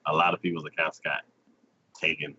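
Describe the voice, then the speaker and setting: A man co-hosting a podcast, speaking in a calm, hesitant, low-key way. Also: a little fast, breathy edge, no room sound. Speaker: podcast co-host. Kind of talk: casual chat. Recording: dull lo-fi podcast audio.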